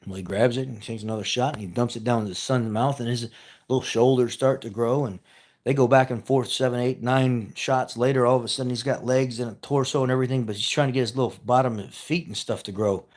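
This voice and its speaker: A man's voice: mid-range voice, steady tone, fast, darkish tone. A man telling a personal story in a casual, rambling way, repeating himself and chuckling as he goes. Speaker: vlogger.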